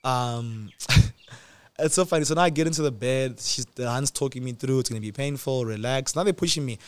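A man's voice: mid-range voice, moderate pace, clean tone, dry recording. Young man telling a story. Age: 20s. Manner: animated, slangy, laughs between lines. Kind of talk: casual storytelling to camera.

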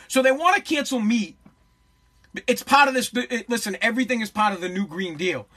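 A woman's voice: fairly high pitch, fairly bright tone, breathy edge. A woman delivering a heated, profane political rant to camera, hammering her points with repeated rhetorical questions.

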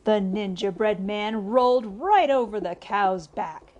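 A woman hosting a children's podcast, reading a storybook aloud in a cheerful, animated way. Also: medium pitch, a little slow.

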